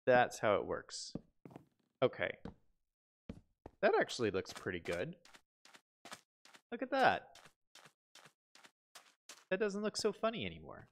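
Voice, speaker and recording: A man chats casually through a live game stream, thinking out loud and answering viewer comments. His pitch swings widely from line to line, giving the talk a very animated feel. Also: slow pace, pauses often. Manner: chatty, reads viewer comments aloud, asks himself questions. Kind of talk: casual live-stream chat while playing.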